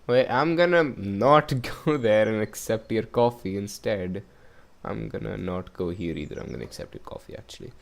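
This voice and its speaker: A man's voice: lowish voice, expressive, normal speed, creaky. A man casually playing a game, reading dialogue aloud and making jokes about it. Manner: casual, joking, laughs at himself. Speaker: gamer.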